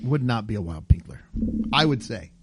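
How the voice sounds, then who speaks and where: Lively, playful man on a podcast. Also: on the low side, normal speed, slight background noise. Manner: playful, quizzes the others on odd foreign words. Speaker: podcast co-host. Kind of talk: casual comedy podcast chat.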